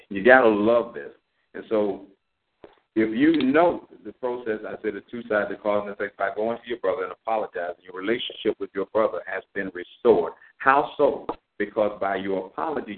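A man preaching a Bible lesson on a community call, reading scripture slowly and deliberately. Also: fairly low pitch. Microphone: call audio. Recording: narrow phone-line sound.

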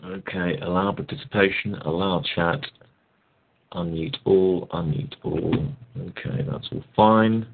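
Slow-talking man on a tinny phone line. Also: sits low, fairly even intonation, creaky, slightly rough. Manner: joking, mutters to himself while checking settings. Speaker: show host. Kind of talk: casual call-in test chat. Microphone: online call over landline.

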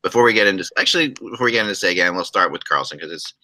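Rambling podcast guy talking hockey, lower voice, really bright and forceful tone. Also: lively intonation, racing, rough recording. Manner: rambling, restarts often, joking. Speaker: podcast host. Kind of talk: casual hockey podcast chat.

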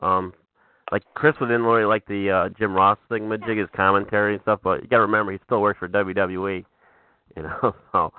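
A man joins a podcast as a guest and talks in a laid-back way, full of "uh" and "um". His voice sits somewhat low. The recording is dry and thin, like a phone line. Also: fairly even intonation, fairly quick, dry recording. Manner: laid-back, filler-heavy. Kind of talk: casual chat.

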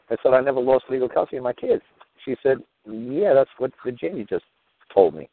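A male podcast host delivers a long, rambling, casual monologue, heated and profane, acting out the people he quotes. His medium-pitched voice is expressive at normal speed with frequent pauses, and the audio is narrow and tinny with no echo.

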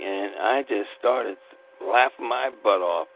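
A man's voice: fairly low pitch, takes it slowly, slight background noise. A middle-aged man from Pittsburgh, telling a personal story in a blunt, profane, rambling way. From Pittsburgh, United States. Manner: blunt, profane, animated retelling. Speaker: podcast host. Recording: tinny phone-like line.

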